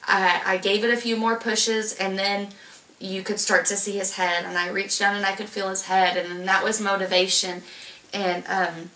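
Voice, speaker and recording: A woman's voice: mid-range voice, flat delivery, moderate pace, bright, forceful tone, roomy sound, far from the mic. A young woman casually telling a long personal story, rambling with lots of fillers and restarts. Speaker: vlogger telling her birth story.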